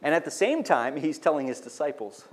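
A man's voice: fairly high pitch, big pitch swings, fairly quick. A man preaching a sermon as pastor, explaining scripture and asking the congregation questions. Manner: teaching, asks the congregation questions.

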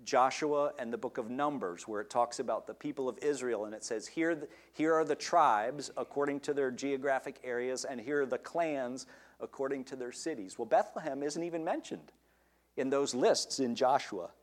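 A man's voice: mid-range voice, normal speed. A man preaching a sermon, asking his listeners questions and stressing key words.

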